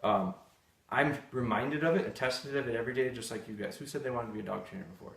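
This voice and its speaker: A man's voice: mid-range voice, fast, gravelly, fairly bright tone. A man hosting a live dog-training session, answering viewer questions in a candid, blunt, storytelling way. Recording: echoey room.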